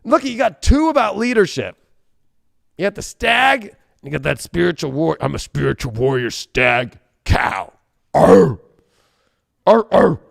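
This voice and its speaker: High, lively man reading tarot, profane. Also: normal speed, gravelly, dry recording, studio quality. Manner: profane, joking, swings into shouts and silly voices. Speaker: tarot reader. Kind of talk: casual tarot livestream.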